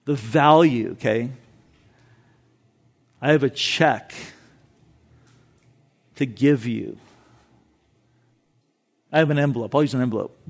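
A male pastor preaching a sermon, moving from calm, conversational asides with easy laughs to loud, fervent peaks. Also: mid-range voice, takes it slowly, pauses often.

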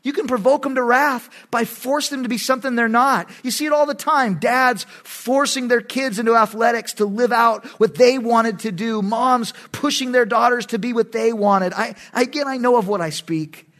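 A middle-aged man, a pastor preaching a sermon in an animated, emphatic way, with sudden loud bursts. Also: extremely high pitch, normal speed, hardly any pauses.

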